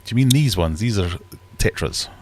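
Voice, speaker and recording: Deep-voiced Scottish man chatting casually. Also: expressive, normal speed, a little mellow, a little hiss or hum. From Scotland. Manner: rambling, chatty and self-deprecating. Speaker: livestream host. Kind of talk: casual live-stream chat. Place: home fish room.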